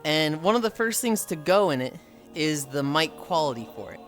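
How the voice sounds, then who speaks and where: Lively, profane male streamer chatting casually. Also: on the high side, moderate pace, soft background music. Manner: animated, profane storytelling with voiced impressions. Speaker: livestreamer. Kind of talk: casual livestream chat, reading and answering chat.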